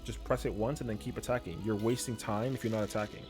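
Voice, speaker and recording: A young adult man, a streamer, telling animated, slangy stories in casual chat. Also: lowish voice, fast, music in the background.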